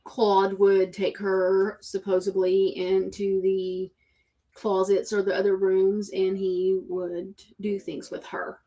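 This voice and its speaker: A woman's voice: medium pitch, completely flat delivery, slow, dark tone. Emphatic woman host. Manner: emphatic, repeats herself for effect. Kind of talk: casual opinion talk.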